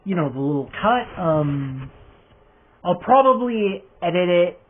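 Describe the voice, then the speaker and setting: A man's voice: high-pitched, lively intonation, unhurried, a little hiss or hum. Rambling young man on a tinny phone recording. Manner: rambling, hesitant, lots of fillers. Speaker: vlogger and fan filmmaker. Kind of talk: casual rambling vlog.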